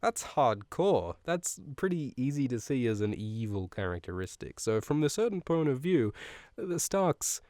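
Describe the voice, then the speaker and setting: A podcast host giving a casual, comedic book recap, rambling with profane, jokey asides and frequent laughs mid-sentence. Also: male voice, medium pitch, very animated, measured pace, darkish tone, no room sound, studio quality.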